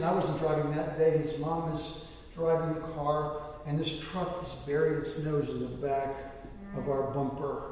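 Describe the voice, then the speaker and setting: A middle-aged man preaching a sermon, earnest, rising louder when he quotes scripture. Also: a little high, a little hiss or hum. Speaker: pastor. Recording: echoey hall, voice from far off the mic.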